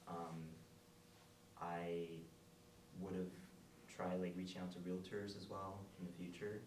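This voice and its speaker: A young man with a very deep voice answers slowly and nonchalantly, filling pauses with likes and ums. He sounds distant from the microphone in an echoey room, with faint background noise. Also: level tone, a little mellow. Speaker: new investor asking for advice. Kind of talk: hesitant answers in a live group session.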